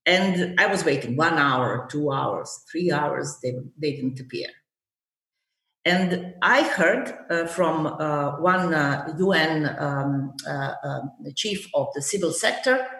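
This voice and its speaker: Older woman telling a story, halting. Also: low-pitched, distant mic. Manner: halting, many fillers, lively when recounting anger. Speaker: interviewee, former government negotiator. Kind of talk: storytelling in an interview. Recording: roomy echo.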